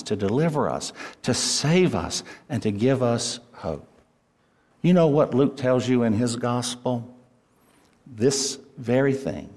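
Slow emphatic male preacher in a hall. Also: mid-range voice, darkish tone. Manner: deliberate, emphatic preaching with rising peaks on key words. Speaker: pastor. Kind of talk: sermon.

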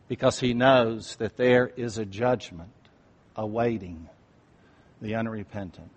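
Brief: male preacher, unhurried sermon delivery, loud-to-hushed swings, long echo of a large sanctuary. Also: mid-range voice. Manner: swings from loud declarations to near-hushed, solemn asides. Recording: long reverb of a large hall.

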